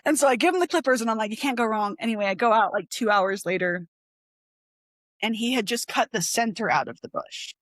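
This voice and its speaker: A woman's voice: a little fast, no echo. A young woman telling a personal story as a podcast guest, rambling with lots of 'like' and acting out the voices she quotes. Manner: rambling, heavy use of 'like', animated retelling; acts out quoted voices with sharp pitch jumps. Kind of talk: candid conversational interview.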